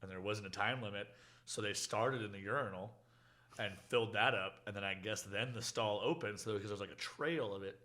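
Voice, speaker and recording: A man's voice: on the low side, brisk, pushed and bright. A man guesting on a casual chat, telling wry, laid-back stories about bar work. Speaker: guest, bartender and singer.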